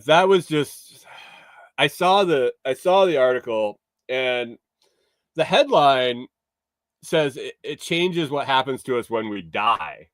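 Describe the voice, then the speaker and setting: A man hosts a morning livestream, reading news stories aloud and breaking into sarcastic, rambling asides with some swearing in this casual news commentary. His voice is medium-pitched, a bit bright, clear, and resonant, with no room sound.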